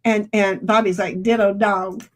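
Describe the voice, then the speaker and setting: A woman's voice: medium pitch, level tone, a little slow. A woman streamer chatting casually with her viewers, rambling and laughing often. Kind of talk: casual live-stream chat.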